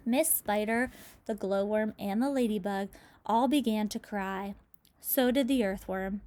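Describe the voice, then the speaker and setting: A woman's voice: mid-range voice, measured pace. Woman reading a children's storybook aloud. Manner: lively, animated character voices. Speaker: storybook reader.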